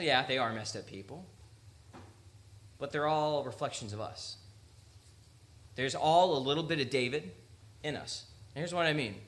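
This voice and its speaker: A man's voice: fairly high pitch, bright, forceful tone. A young man preaching a sermon in church, reading scripture and breaking into casual, joking asides and acted-out quotes. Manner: conversational, joking asides, acts out quotes in voices. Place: church sanctuary.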